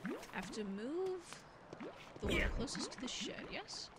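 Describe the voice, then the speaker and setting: Woman let's play host, rambling and self-mocking, high expressive voice. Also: a little slow, very noisy. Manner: chatty, rambling and self-deprecating. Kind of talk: casual gameplay commentary. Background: game music.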